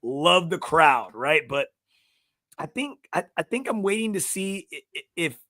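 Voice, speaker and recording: Golf podcast host guy, bit high voice, dry close sound, swears a lot, loud outbursts. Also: unhurried, no echo. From South Texas. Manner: animated storyteller, swears freely, bursts into shouts. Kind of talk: casual podcast chat. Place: podcast studio.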